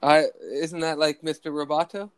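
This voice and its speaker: A man in casual chat, joking and reacting quickly to his friend. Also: on the high side, level tone, clear, resonant tone.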